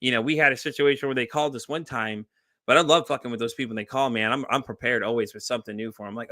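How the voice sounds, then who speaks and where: A middle-aged man chats on his podcast, spinning animated stories and jumping into quoted voices, cursing casually along the way. His voice is bright and forceful, at a middle pitch. The sound is close and dry, with no room around it. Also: fast, dry recording. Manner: animated storytelling, acts out quoted voices, swears freely. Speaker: podcast host.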